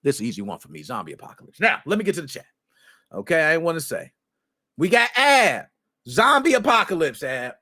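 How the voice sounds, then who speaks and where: A male streamer chatting casually on a live stream, loud and excitable, breaking into shouts. His voice sits high and sounds bright and sharp, and it swoops up and down all the time. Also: brisk. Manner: animated, excitable, shouts often, slangy. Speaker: streamer, podcast host. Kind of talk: casual livestream chat.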